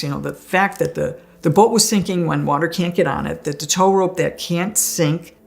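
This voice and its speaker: Gravelly low-voiced woman telling her story. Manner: conversational, often laughs while telling. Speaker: guest sharing a near-death experience. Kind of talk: personal storytelling.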